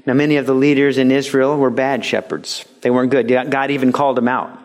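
A man's voice: medium pitch, fairly even intonation, brisk, hardly any pauses. A middle-aged man preaching a sermon as a pastor, talking conversationally and stressing points emphatically.

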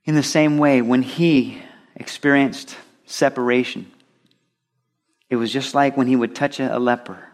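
A man preaching a sermon, swinging between emphatic loud stresses and soft drops. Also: medium pitch, steady tone, unhurried.

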